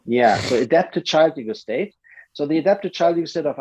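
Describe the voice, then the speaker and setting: A man coaching a group in a lively way, acting out short quoted lines as he explains. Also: a little high, fairly quick, husky, low-quality recording.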